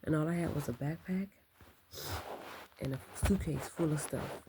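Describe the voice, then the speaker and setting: A woman talking in a casual late-night vlog, keeping her voice low and soft, reflective and full of ums and likes. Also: normal speed, noisy background. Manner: speaking softly and low to keep quiet. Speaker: vlogger.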